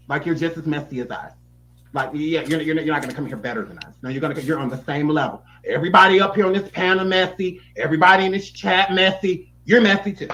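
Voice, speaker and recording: A man's voice: a little high, a bit bright, low-quality recording. A man giving blunt, sassy and profane reaction commentary. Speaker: YouTube commentator.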